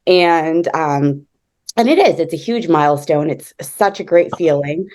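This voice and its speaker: A young woman speaking on a video call in a slightly low voice. She talks in a chatty, giggly, grateful way, with plenty of fillers and restarts. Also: animated, measured pace, a little mellow, slight background noise. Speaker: member sharing good news. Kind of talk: casual chat on a call.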